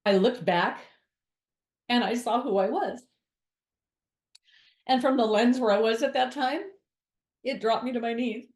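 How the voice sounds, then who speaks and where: A woman's voice: on the high side, a little mellow. A woman giving an earnest, confessional spiritual monologue to her viewers, with candid asides. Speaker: spiritual speaker. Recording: roomy echo.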